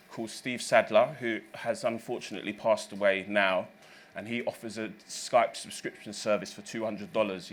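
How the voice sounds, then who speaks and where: Man, lowish voice, rambling anecdotal engineer, faint room hum. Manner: rambling, warm anecdotes with many fillers and self-corrections. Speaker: recording engineer. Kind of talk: reflective interview storytelling.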